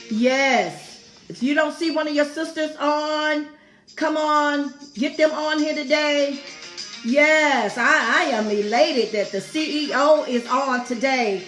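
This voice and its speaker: A middle-aged woman with a high voice greets her livestream audience at an unhurried pace. She keeps repeating her welcomes to viewers. Her voice rings in an echoey room, with faint music behind her. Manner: warm, effusive, repetitive greetings to viewers. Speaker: host of a women's fellowship livestream. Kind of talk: casual live-stream welcome.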